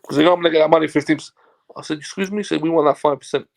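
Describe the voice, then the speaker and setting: A man with a gravelly, slightly raised voice, spinning a casual story as a guest. He acts out both sides of past conversations and curses freely. His tone stays animated as he goes. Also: fairly high pitch, rapid-fire. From Turkey. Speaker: football agent, guest. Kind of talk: casual anecdote telling.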